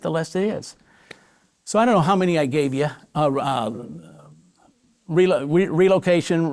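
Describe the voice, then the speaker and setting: A man's voice: fairly high pitch, a little mellow. A man, a pastor, speaking with energy and emphasis in a live interview, often repeating words as he builds his point. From Chicago area.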